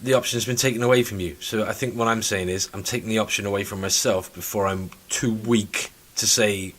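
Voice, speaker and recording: A man's voice: lowish voice, fairly even intonation, a little fast, fairly bright tone. Male co-host, blunt and playful, swears freely in casual chat. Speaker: podcast co-host.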